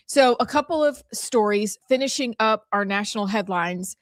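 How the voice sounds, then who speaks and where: A playful woman co-hosts a talk show with easy, bubbly banter. Her voice sits at a middling pitch and sounds close and dry. She jokes freely with her co-hosts. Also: expressive, dry recording, faint music behind. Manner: bubbly, playful, quick to laugh. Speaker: radio show co-host. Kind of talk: casual morning-show banter.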